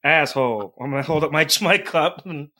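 A man's voice: a little high, brisk, a crowd in the background. A man playing in a tabletop game with a wry, joking manner. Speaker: player. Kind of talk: casual tabletop play.

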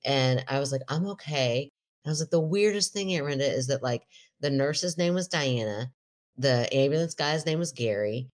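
Very low-voiced woman, animated storyteller. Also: moderate pace. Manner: animated storyteller, laughs often, quotes herself in a raised voice. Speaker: podcast co-host. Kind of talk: casual chat, storytelling.

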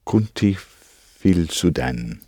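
Male student, very low voice, lively pitch, fast answers, dry sound. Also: breathy edge, dry recording. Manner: answers drills, quick to acknowledge corrections.

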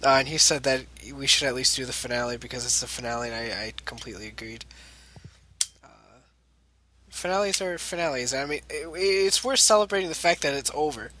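A man's voice: medium pitch, brisk, bright, forceful tone. A young man co-hosting a casual podcast, laid-back with chuckling asides. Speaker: podcast co-host.

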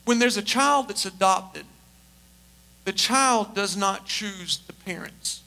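Man, pastor, sermon, high-pitched, bright, emphatic preaching, church service. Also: slow, vocal fry. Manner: emphatic preaching with humorous storytelling asides.

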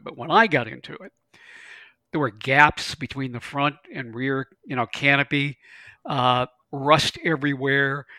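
Middle-aged guy spinning folksy flying stories, gravelly voice, dry close sound. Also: mid-range voice, no room sound. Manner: folksy, animated storyteller with laughs and stammers. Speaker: glider pilot and instructor. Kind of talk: conversational interview storytelling.

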